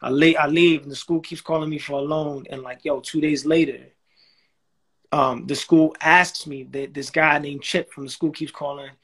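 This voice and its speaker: A young man tells his story as a guest, and his voice sits a little higher than most men's. He talks casually with lots of slang and quick restarts. He acts out the lines of people he quotes. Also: steady tone, fairly bright tone, husky. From New York.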